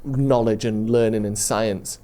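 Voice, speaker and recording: A man's voice: fairly low pitch, steady tone, measured pace, dark tone. A man co-hosting a comedy podcast, telling rambling, enthusiastic travel stories in casual chat. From England. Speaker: podcast co-host.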